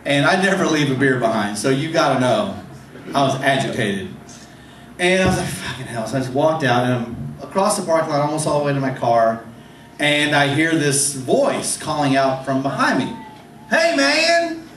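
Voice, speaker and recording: At an open mic comedy night, the male host tells a rambling, self-deprecating stand-up story from the stage, restarting many times. His mid-range voice is fairly bright, with lively intonation and a moderate pace. The recording has an echoey club room, a distant mic, and a faint hum.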